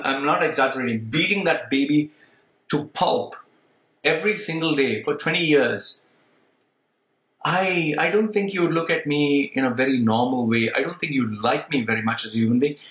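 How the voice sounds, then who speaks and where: A man's voice: mid-range voice, a bit bright. A middle-aged man speaking bluntly and emphatically straight to his viewers, often repeating himself. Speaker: vlogger. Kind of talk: candid monologue to viewers. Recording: roomy echo.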